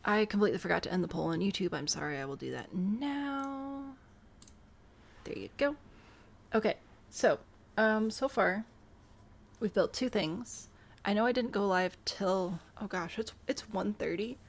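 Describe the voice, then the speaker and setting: A woman's voice: medium pitch, unhurried, creaky. A woman live-streaming a building game, chatty and self-amused as she talks to her chat while she builds. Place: home room.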